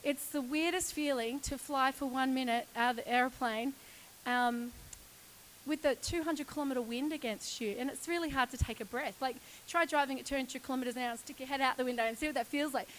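High-voiced woman telling a lively story. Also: a little fast, slight background noise, low-quality recording. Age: 40s. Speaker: church speaker. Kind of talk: personal story in a sermon.

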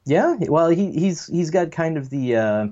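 A man's voice: a little high, expressive, measured pace, dark tone, dull audio. A man from the United States co-hosting a podcast, chatting casually and rambling through strong opinions with some self-deprecation. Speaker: podcast co-host. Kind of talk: casual chat.

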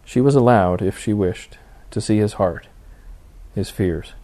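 A man reading a novel aloud as its narrator, in steady storytelling. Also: on the low side, measured pace. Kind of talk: audiobook narration.

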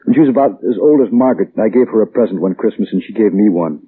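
An actor playing a patient, gently mocking father in a 1940s radio drama, heard on an old tinny broadcast. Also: on the low side, lively intonation, quick pace, slightly rough. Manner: dry and indulgent, gently mocking. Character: patient, teasing middle-aged father.

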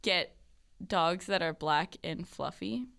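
Young woman, lowish voice, quick talker who trips over her own thoughts. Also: gravelly, a bit bright. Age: young adult. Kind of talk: casual chat.

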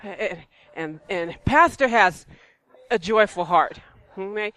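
A woman's voice: medium pitch, expressive, takes it slowly, sharp tone, dry recording. A woman preaching in church, conversational and repetitive, with rhetorical questions. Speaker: church speaker. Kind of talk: sermon.

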